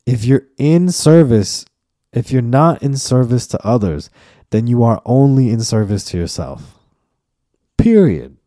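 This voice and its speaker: A man's voice: mid-range voice, lively intonation, unhurried, dark tone, no echo, studio quality. A man hosting a podcast, ranting in a casual solo monologue, emphatic and full of profanity. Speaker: podcast host and comedian.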